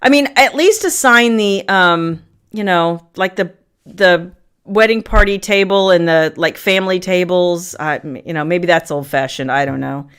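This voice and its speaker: Speaking a little slowly in a low-leaning, clean-toned voice, a middle-aged woman runs a relaxed livestream from her family room. Frequent ums punctuate her warm chatter as she welcomes viewers by name.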